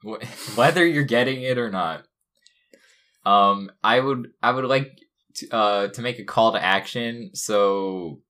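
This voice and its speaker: A young adult man co-hosts a comedy podcast from his dorm room, bantering casually in a mock-earnest, rambling way. His voice is lowish with a sharp tone, and he speaks slowly.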